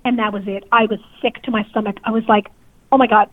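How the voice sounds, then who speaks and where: A woman's voice: medium pitch, flat delivery, fast talker. A woman calling in to a radio host, telling her story in an upset, tearful way. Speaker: caller. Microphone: telephone. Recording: tinny phone line, dry.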